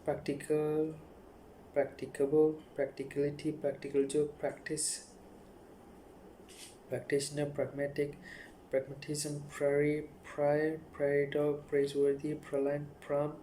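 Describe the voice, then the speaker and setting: Flat-voiced man reading word lists. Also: a little high, slight background noise. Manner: rapid monotone word list. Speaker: youtuber. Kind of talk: reading dictionary words aloud.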